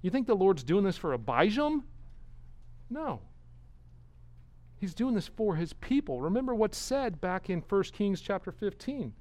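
A man's voice: high voice, big pitch swings, a little slow, long pauses, darkish tone, no echo. A man, a pastor, giving an expository sermon with emphatic delivery and rhetorical questions.

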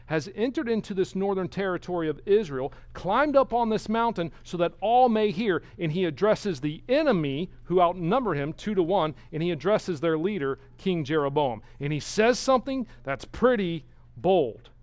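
A man's voice: high voice, animated, moderate pace, darkish tone, no room sound. A man, a pastor, giving an expository sermon with emphatic delivery and rhetorical questions.

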